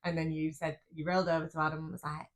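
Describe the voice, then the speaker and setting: A woman co-hosting a podcast in casual chat, teasing with deadpan banter. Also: deep voice, very fast. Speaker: podcast co-host.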